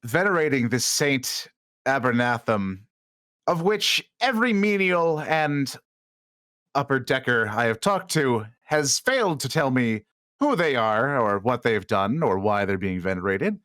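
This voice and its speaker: Man doing a pompous captain, slow and stern, lively pitch, dry close sound. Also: no room sound. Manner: slow, stern, declaiming over ship intercom. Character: pompous starship captain addressing crew.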